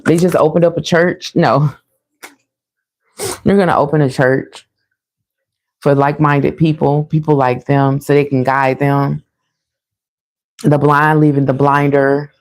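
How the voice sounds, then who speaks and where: A woman's voice: low-pitched, little pitch movement, measured pace, long pauses, a little mellow. A woman giving a casual, chatty tarot reading to her viewers, laughing often and calling them y'all. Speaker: tarot reader.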